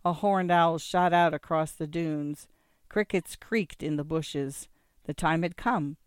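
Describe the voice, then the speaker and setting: A man's voice: on the high side, slow, smooth, no echo, studio quality. A man narrating a first-person story in a vivid, relishing, theatrical manner.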